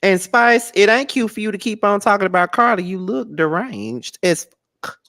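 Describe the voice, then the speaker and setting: A podcast co-host recapping a reality show in casual, animated chat, dropping low for the recap and jumping high when worked up. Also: moderate pace.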